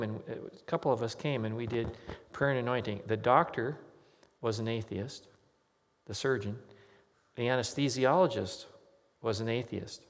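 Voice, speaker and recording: A man preaching as a pastor, speaking at an ordinary middle pitch. He tells his story earnestly and conversationally, like a sermon testimony. A long reverb hangs on his voice, as in a large hall.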